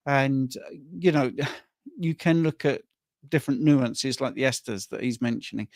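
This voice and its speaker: A man's voice: mid-range voice, vocal fry, a little mellow, dry recording, studio quality. A man from Wales hosting a live question-and-answer chat about diet, talking in a chatty way and often restarting words. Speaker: carnivore diet coach and host.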